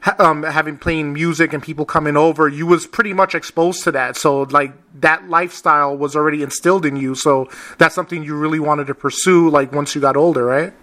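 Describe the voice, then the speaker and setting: A man hosting a casual interview, eager and chuckling often, with many halting restarts as he asks questions. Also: fairly high pitch, fairly even intonation, sharp tone. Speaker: podcast host.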